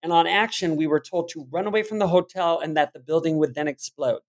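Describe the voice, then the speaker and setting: A middle-aged man, a guest on a podcast, telling stories in a lively way and laughing easily. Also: fairly high pitch, quick pace. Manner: animated storyteller, laughs easily. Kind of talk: casual interview chat.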